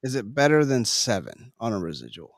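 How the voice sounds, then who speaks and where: A man co-hosting a relaxed talk show over drinks, his voice bouncing up and down as he reads out stories. He laughs often and chats easily with his co-host. The sound is dry and close to the mic. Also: medium pitch, fairly quick, gravelly, dry recording. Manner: animated, laughs often, reads notes aloud. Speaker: podcast co-host. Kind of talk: casual chat over drinks.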